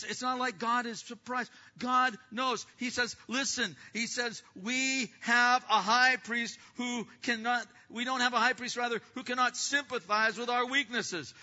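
A male pastor preaching a sermon, swinging from loud bursts to hushed, quiet passages and acting out distracted listeners in quick asides. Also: very high voice. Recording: dull lo-fi sound with long hall reverb.

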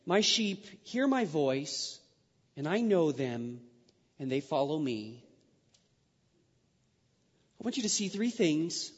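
Emphatic preacher in a reverberant hall. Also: male voice, a little high, lively intonation, a little slow, long pauses. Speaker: pastor. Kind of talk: sermon. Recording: long reverb, dull lo-fi sound.

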